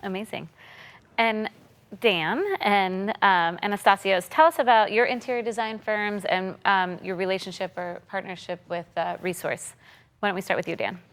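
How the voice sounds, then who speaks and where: A woman's voice: medium pitch, steady tone, normal speed, fairly bright tone, smooth. A woman moderating a panel, keeping her prompts brief and encouraging.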